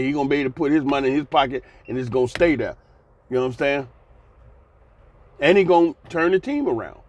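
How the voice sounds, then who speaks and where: A man's voice: a little high, no echo. A man in his sixties giving blunt, folksy commentary, ranting and sighing between points. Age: 60s. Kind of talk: casual commentary vlog.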